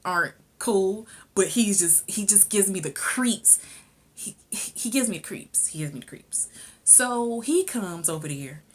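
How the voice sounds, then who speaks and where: A woman reviewing a TV episode in casual chat, sassy and animated, often laughing. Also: fairly low pitch. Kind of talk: casual chat, recapping a show.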